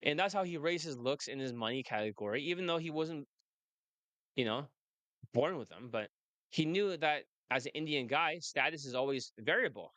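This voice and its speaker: A man's voice: fairly high pitch, lively intonation, normal speed, a bit bright, dry recording. A man working as a dating coach, talking in a brash, rambling way and laughing often. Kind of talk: casual monologue and phone chat.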